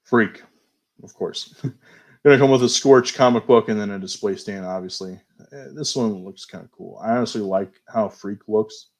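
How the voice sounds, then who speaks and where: Low-voiced man casually reviewing toys. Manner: chatty, unhurried, often hedges and fumbles for names. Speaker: toy show host. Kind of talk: casual toy news review.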